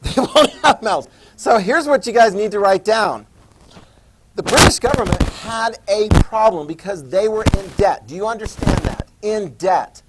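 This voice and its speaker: Joking teacher with a high voice. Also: male voice, lively intonation, slight background noise, poor audio. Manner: quick, joking, quizzes the class, acts out quotes. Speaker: history teacher. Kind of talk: classroom lecture. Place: classroom.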